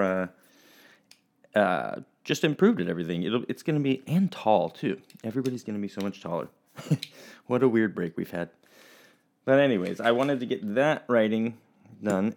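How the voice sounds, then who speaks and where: A man's voice: lowish voice, a little mellow. A young man teaching children a recorded lesson, friendly and rambling, with restarts and fillers. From Oregon, US.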